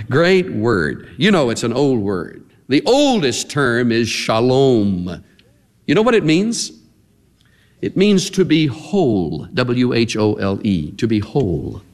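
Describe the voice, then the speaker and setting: A male pastor delivering a sermon with a lively, swinging delivery that rises and falls as he presses his points. He stretches out key words for emphasis. His voice rings with the long reverb of a large church hall. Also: mid-range voice, slow pace, pauses often. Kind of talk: expository sermon.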